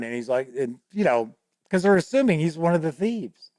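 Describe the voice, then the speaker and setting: In clean studio sound with no echo, a show host with a sing-song, darkish voice on the high side speaks at normal speed. His casual tale from his tabletop game rambles and restarts many times as he acts out the players' voices.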